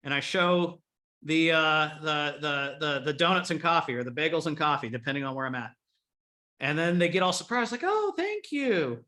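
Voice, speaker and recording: A man's voice: on the high side, a little fast, bright, forceful tone. A man coaching a group of remodelers in a blunt, profane style, rallying his listeners. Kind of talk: coaching talk to a live group.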